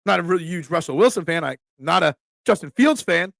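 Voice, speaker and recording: A man's voice: sits high, expressive, a little fast, gravelly, a bit bright, dry recording. A middle-aged man with a Delco accent from the Philadelphia area, rambling bluntly through casual sports talk and replies to chat as a host. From Delaware County, Pennsylvania. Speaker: host, pizza shop owner.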